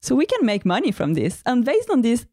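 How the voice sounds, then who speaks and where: Woman hosting a podcast, rambly casual questions, mellow voice, dry sound. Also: a little high, wildly swooping pitch, brisk, no echo. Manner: asks long, searching questions with casual fillers. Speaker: podcast host.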